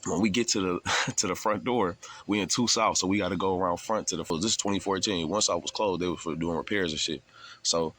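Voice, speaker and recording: A man's voice: deep voice, steady tone, fairly quick, fairly bright tone. A man telling a story in a loose, profane, casual way, laughing along as he goes.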